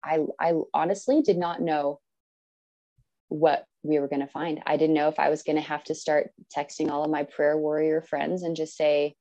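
A woman in her thirties tells her own story as a podcast guest. She speaks earnestly and vividly and slips into the voices of the people in her story. Her voice sits a little low, with a warm, mellow tone. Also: moderate pace, highs cut off. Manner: earnest, animated, acts out quoted speech. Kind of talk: personal storytelling.

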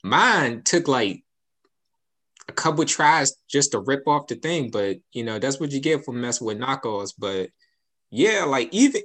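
A man's voice: mid-range voice, fairly bright tone. A young man chatting casually, telling childhood stories with easy laughter. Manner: laid-back storytelling, laughs often, acts out quotes. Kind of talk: casual chat.

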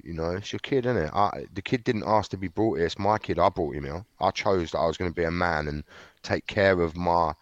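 A man speaks in a deep, low register, recounting his story to an interviewer with candid frankness. He halts often, padding his sentences with fillers and restarts. The recording is dry and close, with no room sound around him. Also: no echo, lo-fi sound. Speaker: interview guest.

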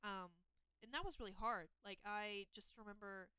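A woman's voice: medium pitch, normal speed, bright, forceful tone, clean tone, no room sound, rough recording. A young woman in her twenties, a college athlete, telling a personal story in a candid, rambling way full of fillers. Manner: candid, rambling, heavy use of "like". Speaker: college soccer player.

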